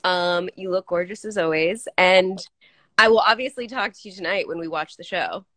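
A woman's voice: lowish voice, normal speed, a bit bright, no echo. A woman in breezy, affectionate casual chat on a live video call.

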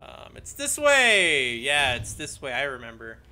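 Huge pitch swings mark this man's bright, forceful, mid-range voice, which moves a little slowly. Playing a horror game from his home room, he jokes, jumps and yelps at scares, and reads the notes he finds aloud into a desk microphone.

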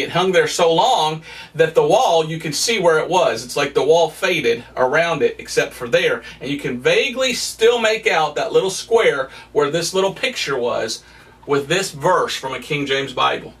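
A man's voice: moderate pace, distant mic. A man preaching a sermon as a missionary evangelist, earnest and emphatic, recorded indoors at home. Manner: earnest, emphatic, lively pitch swings, occasional laughs. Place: his family home, indoors.

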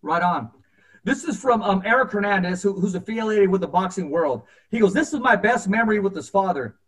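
High-voiced male boxing show host. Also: brisk. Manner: animated, acts out quotes. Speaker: podcast host. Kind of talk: storytelling in casual interview.

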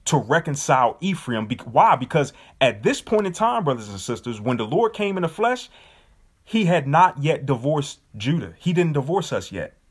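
A man's voice: on the high side, big pitch swings, normal speed, husky. A man leading a Bible study, speaking emphatically and casually and often asking his listeners whether they understand. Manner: emphatic, casual, with repeated rhetorical questions.

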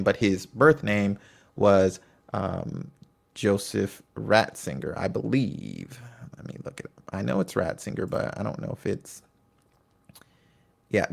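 Reading from his notes for a history video, a man with a lowish, gravelly voice keeps breaking into chatty, enthusiastic asides. Now and then he trips over names.

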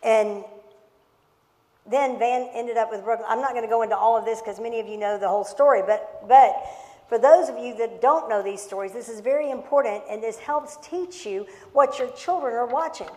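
A woman's voice: on the high side, normal speed, darkish tone. Impassioned woman pastor in a reverberant hall. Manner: impassioned, emphatic, repeats herself for stress. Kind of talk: sermon with personal storytelling. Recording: long reverb of a large hall.

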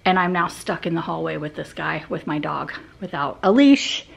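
A woman's voice: deep voice, moderate pace, creaky. A young woman vlogging casually, telling stories in a chatty way full of fillers. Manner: chatty storytelling, many fillers like "like". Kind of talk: casual vlog chat. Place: hotel room and outdoor path.

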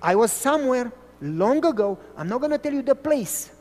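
A man from Romania preaching a sermon as a pastor, telling stories in an animated way. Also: very high-pitched, moderate pace. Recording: long hall reverb.

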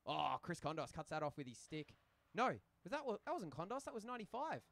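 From a rink booth, a young Australian commentator calls a social ice hockey game in a casual, joking style, filling gaps between plays with rambling banter. His voice is a little high and gravelly yet fairly bright, with big pitch swings and a fairly quick pace.

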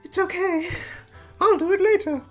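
A man doing a falsetto young Frenchwoman. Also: normal speed, soft background music. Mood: breezy. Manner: high falsetto, accent drifting between European accents. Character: young woman flatmate with a wobbly put-on French accent. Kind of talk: reading a visual novel aloud.

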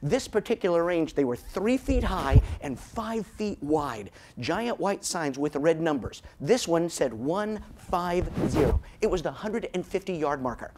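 A middle-aged man, giving a storytelling keynote as a motivational speaker, animated and slowing down for dramatic effect. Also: on the high side, slight background noise.

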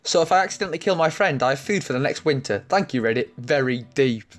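A man's voice: medium pitch, expressive, fast, faint music behind. A young man giving sarcastic, mock-outraged comedy commentary, swearing often.

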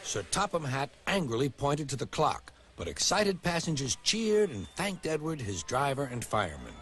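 Very animated male storybook narrator. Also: medium pitch, moderate pace, slight background noise. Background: background music.

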